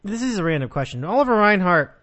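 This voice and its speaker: A man's voice: sits high, big pitch swings, fast talker, a bit bright. A man hosting a casual sports podcast, talking in a rambling way with frequent restarts. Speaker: podcast host.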